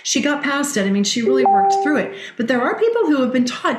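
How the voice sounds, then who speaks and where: A woman's voice: high voice, quick pace. A middle-aged woman, a direct-selling leader, telling stories and coaching advice in a podcast interview, often acting out quoted speech. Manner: animated storyteller, quotes others. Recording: roomy echo.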